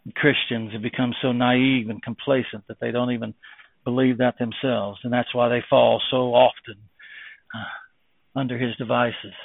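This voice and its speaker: A man's voice: flat delivery, moderate pace, vocal fry, dry recording. A male pastor preaching an impassioned sermon, firing rhetorical questions and quoting old scripture phrasing. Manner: impassioned preaching, swinging from loud exhortation to low earnest tones. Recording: dry, tinny phone-like sound.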